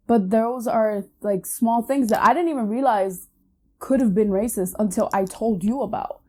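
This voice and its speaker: A woman's voice: medium pitch, normal speed, darkish tone. A young woman co-hosting a podcast, telling personal stories in a casual, chatty way with lots of "like" fillers. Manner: storytelling, many "like" fillers. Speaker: podcast co-host. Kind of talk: casual chat.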